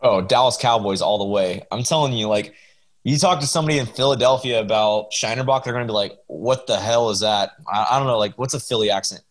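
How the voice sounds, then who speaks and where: A man of middle pitch needles his friends with playful, mischievous questions. His delivery is loose and chatty, full of fillers. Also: fast. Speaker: podcast co-host. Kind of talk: casual teasing banter.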